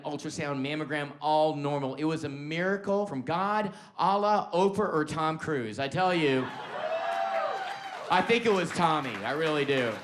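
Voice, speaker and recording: Middle-aged male stand-up comic, medium pitch, cursing and self-mocking, jumps between yelling and near-whispers. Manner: loud swings between shouting and hushed confiding; profane, conversational, self-mocking. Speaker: stand-up comedian. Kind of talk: stand-up comedy set.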